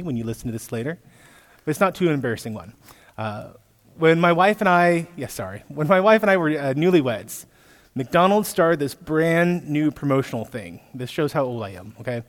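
A man in his thirties, a pastor giving a sermon, telling stories with lively asides to his listeners. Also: a little high. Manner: storytelling with animated asides to listeners. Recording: echoey hall, long reverb.

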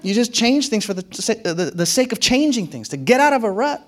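A man's sing-song, brisk, slightly bright voice carries an emphatic sermon full of repeated key phrases. The pitch swings widely, falling to a whisper one moment and rising sharply the next.

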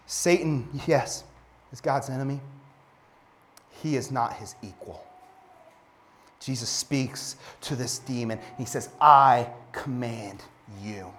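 Passionate preacher with emphatic swells. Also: male voice, medium pitch, slow, pauses often, slight background noise. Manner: rising to emphatic, passionate peaks then dropping soft. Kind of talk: sermon.

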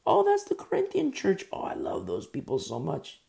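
A man voicing an old male apostle who loves his people and weeps over their sins, in a gravelly voice. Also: a little high, huge pitch swings, normal speed, mellow, exaggerated voice. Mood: affectionate. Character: old male apostle, loving and grief-stricken.

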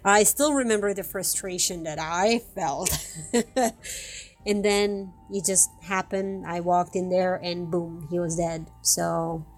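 A woman's voice: fairly low pitch, takes it slowly, faint music behind. A woman hosting a casual podcast, reading out listener comments with frequent giggles. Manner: giggly, apologetic about names. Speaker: podcast host.

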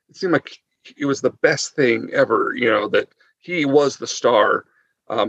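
A man's voice: mid-range voice, creaky, a bit bright, slightly rough, no echo. A man guest on a podcast, chatting casually and hesitantly with many fillers, heard over a dull lo-fi mic. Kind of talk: casual chat.

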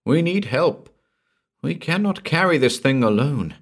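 A man's voice: a little high, lively intonation, measured pace, pitched above the performer's own voice. A man voicing a frightened young married woman who speaks in a strained, anxious voice.

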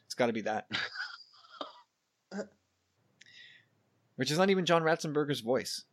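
A man hosting a podcast in casual chat, animated and quick, often restarting his sentences. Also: medium pitch. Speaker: podcast host.

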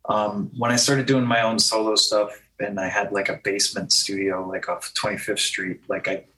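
A man's voice: fairly low pitch, flat delivery, normal speed, sharp tone, rough recording. A man talking casually as a guest musician in an interview, loose and teasing, with lots of "like" fillers. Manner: laughing, teasing, filler-heavy with "like".

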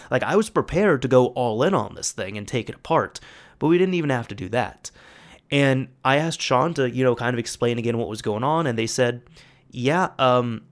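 A young man casually telling a story about fixing a friend's computer, acting out the quoted dialogue with lively energy. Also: mid-range voice. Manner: animated, acts out quoted dialogue. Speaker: storyteller recounting a tech fix.

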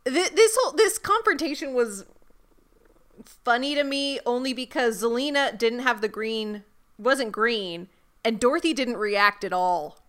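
A woman's voice: on the high side, measured pace, a bit bright. A woman co-hosting a podcast, adding dry, chatty asides to the recap. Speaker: podcast co-host. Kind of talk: casual recap chat.

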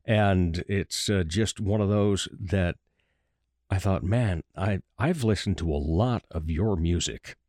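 Low-voiced guy in his 60s hosting a music talk show, lots of uhs, dry close sound. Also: slow, a little mellow, no echo. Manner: chatty, filler-heavy, enthusiastic praise. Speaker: radio show host. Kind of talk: casual interview chat.

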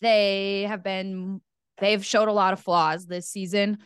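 A woman's voice: medium pitch, flat delivery, slow pace, clear, resonant tone, no echo, clean studio sound. A woman co-hosting a podcast, talking sports in an easygoing, agreeable, analytical way. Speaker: podcast co-host. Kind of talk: casual sports chat.

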